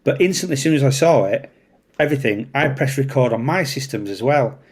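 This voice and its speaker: Man, Yorkshire accent, police officer, casual storytelling, animated, swears a lot. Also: medium pitch, a little fast, husky. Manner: animated, swears freely, acts out voices in anecdotes. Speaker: traffic police officer, guest.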